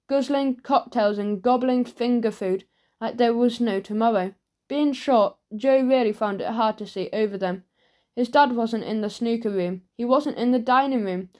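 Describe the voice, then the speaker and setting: A woman reads a children's audiobook aloud. Her storytelling is lively and clear. Her voice sits a little high for a woman. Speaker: audiobook narrator.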